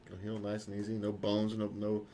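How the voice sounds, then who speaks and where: A man's voice: fairly low pitch, completely flat delivery, moderate pace, warm tone, a little hiss or hum. A man co-hosting a casual talk show, rambling and correcting himself, chuckling often. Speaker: podcast co-host. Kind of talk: casual chat.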